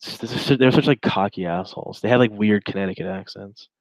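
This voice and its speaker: A man's voice: on the low side, quick pace, gravelly, no room sound, rough recording. A man in his twenties giving casual, rambling reaction commentary while reading a chat log, with sarcastic asides.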